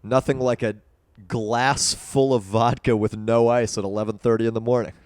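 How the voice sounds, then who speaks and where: A man's voice: mid-range voice, flat delivery, moderate pace, darkish tone, clear, resonant tone. A man hosting a live call-in stream, teasing a caller with dry sarcasm. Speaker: livestream host taking calls.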